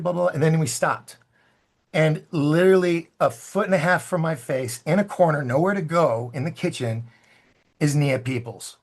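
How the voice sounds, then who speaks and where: Male filmmaker guest, husky timbre, animated storyteller who acts out quotes. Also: medium pitch. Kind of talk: storytelling in a casual interview.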